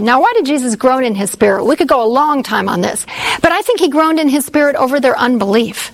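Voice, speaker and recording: High-voiced woman preaching a sermon. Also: animated, brisk, low-quality recording. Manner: earnest storytelling with repeated phrases.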